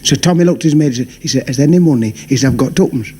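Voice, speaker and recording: A man's voice: medium pitch, quick pace. A man doing stand-up, telling a long joke in a chatty way with asides. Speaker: stand-up comedian. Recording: noisy 1970s TV recording.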